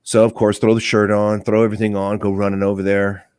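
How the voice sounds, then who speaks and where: A man's voice: on the low side, fast, clean tone, no room sound. A man who works as a police officer, telling stories in a casual podcast chat, laughing often and acting out the people he met. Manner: laughing, animated storyteller who acts out voices. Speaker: police officer and apartment courtesy officer.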